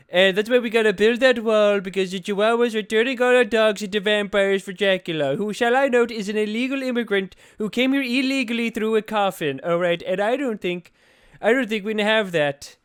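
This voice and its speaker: A man doing a bragging older male politician who repeats himself and leans hard on every claim. The voice is raised high and delivered loudly, with a smooth, clear tone. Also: lightly acted. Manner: repetitive, bragging, emphatic. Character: blustering older male politician impression, boastful.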